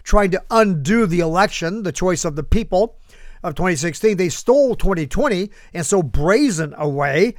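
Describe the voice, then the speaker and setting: Male commentary host, high voice, sarcastic asides, dry close sound. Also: no room sound. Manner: sarcastic, talks back to an unheard listener. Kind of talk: political commentary.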